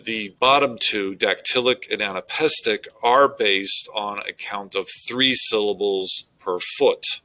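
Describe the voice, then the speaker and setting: A man, teaching a recorded lesson on poetic meter in a slow, deliberate way with frequent fillers. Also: fairly low pitch, bright, forceful tone, low-quality recording.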